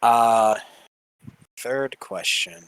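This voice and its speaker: Brief: male player, slow and hesitant, bright voice, dry sound. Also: medium pitch, clean tone, dry recording, poor audio. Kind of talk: tabletop game play.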